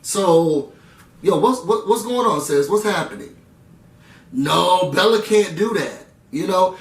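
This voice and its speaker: A man chatting through a casual TV recap, animated and slangy, full of asides to his viewers. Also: high voice, a little slow, recorded from a distance. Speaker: reality TV recap vlogger. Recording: roomy room sound, away from the mic.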